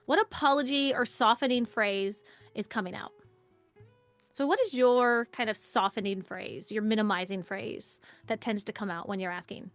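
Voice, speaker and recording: A woman leading a live online workshop in a casual, chatty way, acting out quoted lines in playful voices. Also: fairly high pitch. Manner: animated, acts out quoted dialogue in voices; casual, conversational, chatty asides. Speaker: workshop leader.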